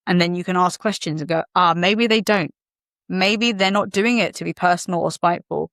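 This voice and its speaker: A middle-aged woman who acts and makes films chats casually on a podcast, animatedly acting out the people in her stories. Her voice is fairly low and a little fast, captured in clean studio sound with no echo.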